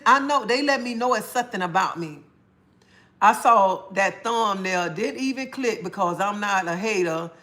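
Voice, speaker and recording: A woman's voice: fairly high pitch, bright, forceful tone. A middle-aged woman, chatting bluntly on a livestream and laughing often. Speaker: livestream host. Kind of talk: casual livestream chat.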